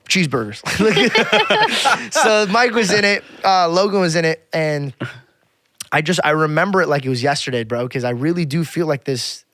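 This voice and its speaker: A man, a podcast guest, tells a story in a lively, casual way, slipping into other people's voices as he goes. His voice sits a little high, and the recording is dry and close, with no room echo. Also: a little fast. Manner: animated, acts out other people's lines.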